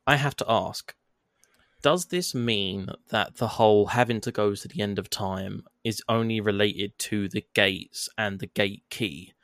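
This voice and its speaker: Low-voiced man swearing in casual chat. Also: a little slow, no echo, clean studio sound. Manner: swears freely, animated retelling. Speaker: podcast co-host.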